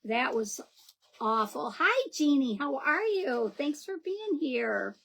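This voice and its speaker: Slow, gravelly-voiced woman craft host. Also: high voice, big pitch swings, a bit bright. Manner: chatty, greets viewers by name while working. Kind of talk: live crafting demo with viewer chat.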